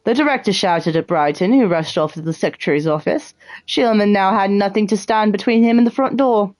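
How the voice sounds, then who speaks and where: A woman's voice: mid-range voice, brisk, a little mellow, dry recording. A woman streamer reading game text aloud with dramatic flair, breaking off for sarcastic, profane asides.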